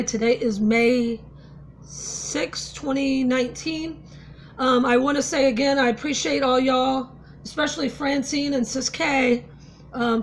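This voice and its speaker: A woman's voice: high voice, slight background noise. A woman talking casually to camera in a vlog, telling a story in a conversational, earnest way. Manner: conversational, with fillers and restarts, earnest. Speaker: vlogger.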